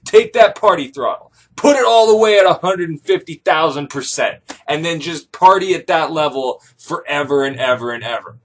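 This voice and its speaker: A male comic storyteller retelling an old tale in the first person. He is loose and profane and goes off on rambling jokes. His pitch sits slightly high and swings widely. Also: expressive, moderate pace, hardly any pauses, a little hiss or hum. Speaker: comedic storyteller.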